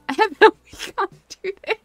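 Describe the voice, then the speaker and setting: A woman's voice: extremely high pitch, animated, takes it slowly, fairly bright tone, soft background music. A young woman chatting casually on a live game stream, giggling and greeting viewers by name. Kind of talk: casual live-stream chat while gaming.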